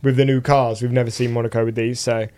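A man's voice: mid-range voice, flat delivery, fast, darkish tone. A young man co-hosting a podcast, chatting casually and reading out listener questions. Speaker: podcast co-host. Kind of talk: casual chat.

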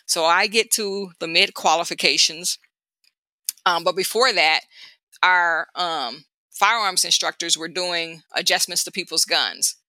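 Bright-voiced woman telling her story. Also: fairly low pitch, a little slow, no echo. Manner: animated, acts out quoted people while telling a story. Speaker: guest, former DEA agent. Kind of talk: conversational storytelling.

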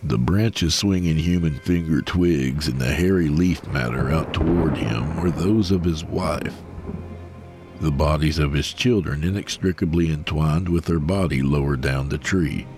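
A man reading a horror story aloud in a slow, measured, grim delivery. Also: very deep voice, darkish tone, soft background music. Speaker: narrator.

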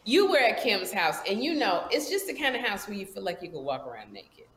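A woman talks over a video call in an animated way, her pitch moving widely as she rambles in loose run-on sentences. The call audio sounds echoey, as if from a bare room. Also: brisk, slight background noise. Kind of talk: casual chat.

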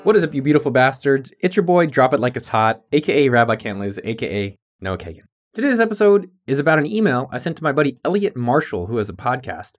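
A man's voice: mid-range voice, sing-song, quick pace, soft background music. A man hosting his own podcast in a hyped, jokey, casual monologue with some cussing. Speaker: podcast host.

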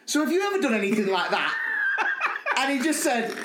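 A young man hosting a podcast, telling an animated, rambling story and laughing as he goes. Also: extremely high pitch, fairly quick, very noisy. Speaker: podcast host. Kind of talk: casual storytelling chat. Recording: echoey room.

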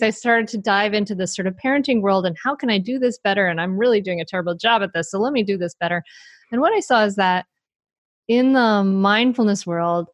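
Animated woman author, dry close sound. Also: medium pitch, no room sound. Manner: animated, laughs often, many restarts. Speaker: author and parenting coach. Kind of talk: casual interview talk.

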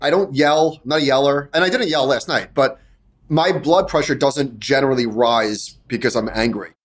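A man's voice: medium pitch, normal speed. A man with a New York accent, co-hosting a podcast in casual chat, speaking emphatically and often cutting in. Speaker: podcast co-host.

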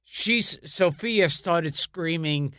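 A male podcast co-host chatting excitedly with a guest. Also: fairly high pitch, slow, slight background noise. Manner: excitable, eager interjections. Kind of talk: casual interview chat.

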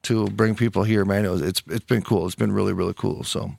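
A man's voice: lowish voice, steady tone, fast, vocal fry, darkish tone. A man hosting a podcast in casual chat, joking and laughing often. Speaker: podcast host.

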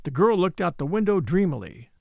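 Male audiobook narrator, expressive, slightly higher voice, dry booth sound. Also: brisk, gravelly, no room sound, highs cut off. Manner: expressive, animated reading. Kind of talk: scripted story narration.

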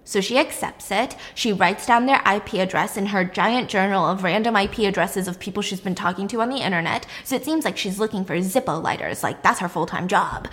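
A woman casually recapping a show, animated and acting out the quotes, with some swearing. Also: medium pitch, a little fast, few pauses. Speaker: podcast host recapping a show.

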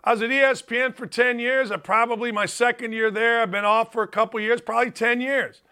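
Fifties guy on a sports talk show, high sharp voice, keeps repeating himself for emphasis. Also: fairly even intonation, brisk, clean tone. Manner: emphatic storytelling, repeating phrases for effect. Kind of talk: animated sports talk monologue.

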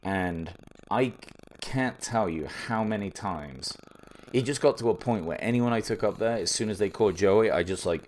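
A man's voice: fairly low pitch, normal speed, a little mellow, a little hiss or hum. A young man co-hosting a podcast, chatting casually and enthusiastically about comedy and workouts. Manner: easygoing, enthusiastic storyteller. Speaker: podcast co-host.

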